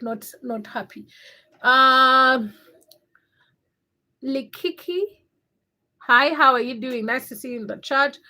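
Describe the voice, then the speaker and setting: A woman's voice: on the high side, bright, forceful tone, rough recording. A young woman from Africa hosting a casual livestream, chatting and greeting viewers by name as she reads their comments. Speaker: livestream host.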